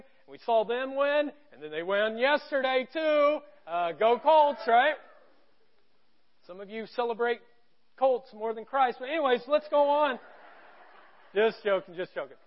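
A middle-aged man preaching a sermon from a church stage, conversational and joking, going from quiet to loud. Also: high voice, lo-fi sound. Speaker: pastor.

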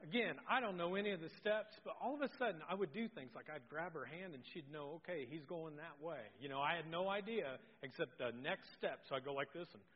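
Pastor, male, middle-aged, lively self-deprecating storyteller; high voice, muffled in a reverberant hall. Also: slight background noise. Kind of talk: sermon. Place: church sanctuary. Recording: dull sound with long hall reverb.

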